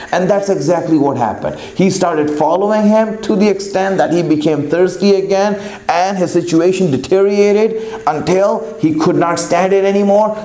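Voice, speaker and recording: A man's voice: on the high side, mellow, reverberant. A man giving a sermon, telling a parable and acting out its dialogue before building to emphatic exhortation. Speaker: preacher.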